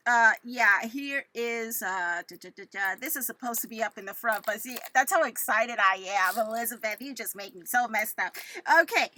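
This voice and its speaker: A woman's voice: on the high side, sharp tone, slight background noise. A middle-aged woman, hosting a casual craft unboxing, gushing and giddy as she talks to viewers like friends. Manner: gushing, giddy, exclaims often. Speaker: crafting channel host.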